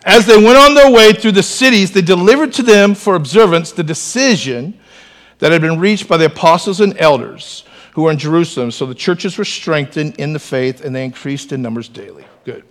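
A man with a notably high voice preaches a sermon to his church. He keeps it animated and breaks off into joking asides and calls for the congregation to answer back. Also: fairly quick. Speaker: pastor.

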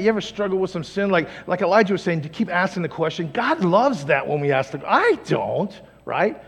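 A man pastor preaching in a church, his voice high with a gravelly edge. He is energetic and humorous, swinging between loud exclamations and hushed lines. The sound carries a long hall reverb. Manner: humorous, acts out quick voices. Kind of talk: sermon.

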